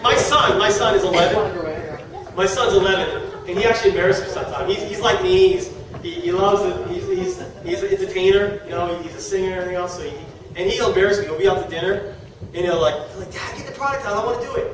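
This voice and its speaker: Middle-aged male presenter, quick and high-pitched, pitching to a crowd, recorded far off in a very echoey room. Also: noisy background. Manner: animated and joking, talks to the audience. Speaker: sales presenter. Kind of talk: live sales presentation to a room.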